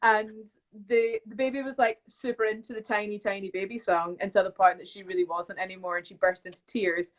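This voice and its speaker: A young woman, chatting casually as a guest on a live video call and telling animated stories with bits of impressions. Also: medium pitch, a little fast, hardly any pauses, muffled recording. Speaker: actress guest. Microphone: phone on a video call.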